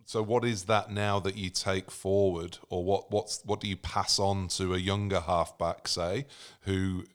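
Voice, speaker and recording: A man's voice: low voice, little pitch movement, measured pace. A man hosting a casual interview, asking loose, probing questions with lots of fillers. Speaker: interview host.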